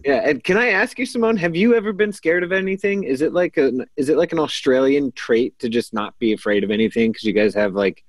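A man's voice: mid-range voice, a little fast, few pauses, no room sound. An American man from Kansas, a podcast guest, talking casually and effusively with lots of filler words. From Kansas, United States. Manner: chatty and effusive, full of "like" and "oh my God". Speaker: podcast guest, class facilitator. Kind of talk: casual conversational interview.

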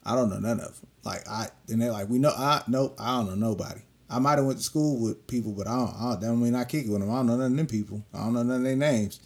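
A man's voice: medium pitch, fast talker, hardly any pauses. A young man telling a personal story in casual, profane street slang, acting out what others said to him. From California. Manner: animated, profane street slang, acts out quoted voices.

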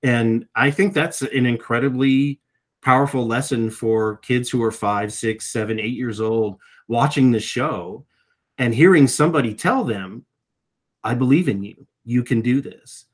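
This voice actor guest, a middle-aged man, speaks in a mid-range voice at a slightly slow pace. He gives reflective answers in the interview and tends to repeat words when starting a new thought.

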